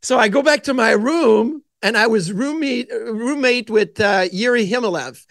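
Animated man, high voice. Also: measured pace, vocal fry, no room sound, clean studio sound. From Quebec, Canada. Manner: animated anecdotes with frequent restarts. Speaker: guest, former goaltender. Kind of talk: casual storytelling interview.

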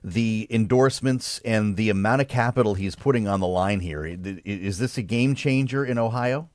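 Low-voiced male political show host. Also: normal speed, no echo. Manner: conversational, quipping. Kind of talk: political discussion.

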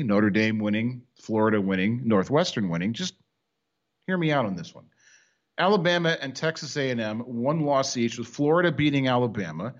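A man's voice: mid-range voice, highs cut off. A man hosting a casual sports talk show, wisecracking and rambling with frequent restarts.

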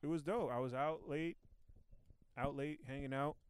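A man's voice: a little high, fairly even intonation, moderate pace, clear, resonant tone. A man hosting a casual comedy podcast from home, rambling and joking on a new microphone. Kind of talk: casual chat.

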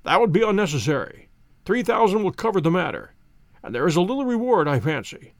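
A man reading an audiobook, voicing a calm, self-assured detective who explains in measured tones. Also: sits high, vocal fry, dry recording, heavily acted.

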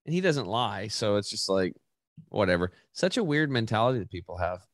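A middle-aged man hosts a casual podcast chat. His voice sits low, and he grows animated as he tells stories. The sound is dry and close. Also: brisk, no room sound. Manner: animated storyteller, acts out quotes in high voices. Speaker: podcast host.

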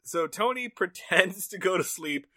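A man's voice: sits high, expressive, a little slow, pushed and bright, no room sound. A man co-hosting a casual podcast, recapping a TV episode with jokes, swearing and sarcastic asides. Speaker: podcast co-host.

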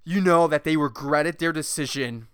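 A man's voice: fairly high pitch, normal speed, clear, resonant tone, dry recording, studio quality. A man hosting a solo podcast, rambling and ranting with lots of profanity. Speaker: podcast host. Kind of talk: casual solo podcast monologue.

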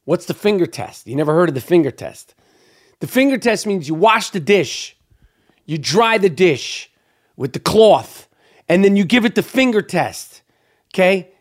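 A man's voice: sits high, big pitch swings, moderate pace. A man hosting his own podcast in a brash, profane, rambling solo monologue, hyped up and talking freely. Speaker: podcast host.

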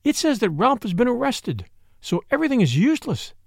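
A man voicing a distressed young woman in an audiobook reading, speaking low and strained. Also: sing-song, fairly quick, vocal fry, dry recording, studio quality, exaggerated voice. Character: distressed young woman secretly married, guarded.

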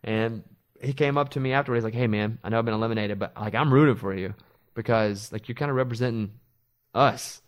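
A middle-aged man hosting a radio show, telling stories in a loose, animated way. He slips into other people's voices when he quotes them, in a middle-range pitch. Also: quick pace. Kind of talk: casual chat.

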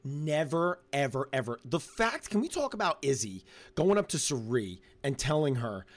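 A man co-hosting a podcast, reacting to a reality show in casual chat, excitable and animated, often talking over his partner. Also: medium pitch, moderate pace. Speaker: podcast co-host.

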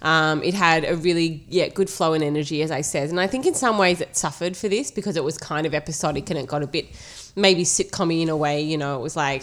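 A woman's voice: low voice, quick pace, a bit bright. A woman talking casually about a film she reviewed, chatty with lots of fillers and restarts. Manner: chatty, laughs often, many fillers and restarts.

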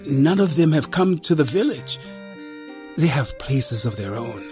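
A man voicing a gentle, chatty young nun who speaks in a bright, coaxing way in a storybook reading. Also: on the high side, big pitch swings, measured pace, faint music behind.

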